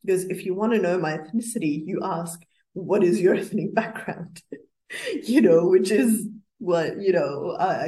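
A podcast co-host chatting casually with a partner. The delivery is chatty and storytelling, with many fillers. The voice sits at a middle pitch. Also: a little mellow. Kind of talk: casual conversational chat.

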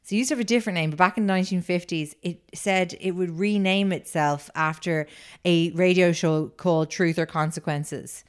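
A woman's voice: lowish voice, fairly even intonation, brisk, clean tone. A woman co-hosting a podcast, telling a story in a rambling casual way with many fillers. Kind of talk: casual chat.

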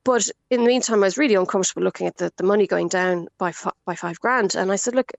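An Irish woman guest on a radio talk show, recounting in lively storytelling how she was scammed, quoting what others said. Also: mid-range voice, fast talker, vocal fry, no room sound. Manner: animated storytelling, quotes others. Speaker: scam victim guest. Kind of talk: radio interview.

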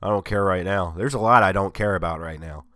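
A man with a very low voice, worn and strained from a cold, chats casually into his desk mic. He rambles and jokes at his own expense with dry sarcasm. The sound is close and dead, with no room echo. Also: brisk, bright, forceful tone. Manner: sarcastic, rambling, self-mocking. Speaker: vlogger. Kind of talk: casual chat.

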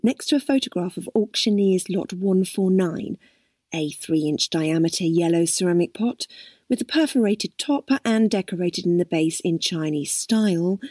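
A woman narrating a story aloud, unhurried and expressive. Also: lowish voice, no room sound, clean studio sound.

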